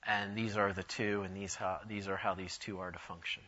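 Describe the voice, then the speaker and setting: A man delivers a conference lecture on church history with enthusiasm and dry humor, drifting into asides. His voice is bright and forceful. The recording sounds dull and lo-fi. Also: low-pitched, level tone, brisk.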